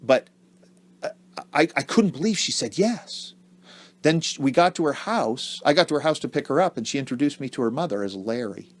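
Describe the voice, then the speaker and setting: A man co-hosting a casual podcast, telling a story in a halting, earnest way and repeating words as he goes. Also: medium pitch, lively intonation. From Ohio, US. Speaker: podcast co-host.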